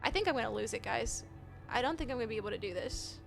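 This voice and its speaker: A woman's voice: on the high side, animated, fast, creaky, over music. A woman in her twenties streaming a game live, chatting casually, reading chat aloud and laughing often.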